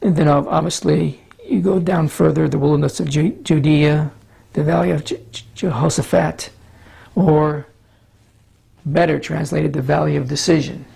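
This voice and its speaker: A man with a scratchy, hoarse voice preaches in a measured teaching manner, now and then stumbling over words. His tone sits a little high and carries a gravelly, husky roughness. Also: fairly even intonation, mellow. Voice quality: scratchy, throat-clearing. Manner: measured Bible teaching with frequent small stumbles. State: hoarse from allergies. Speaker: pastor. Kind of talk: sermon teaching with a map.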